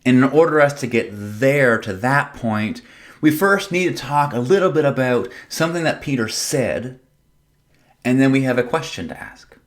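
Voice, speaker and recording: A man's voice: medium pitch, lively intonation, moderate pace. A man preaching a sermon as pastor, in a casual, conversational way, retelling the story with playful drama and rhetorical questions.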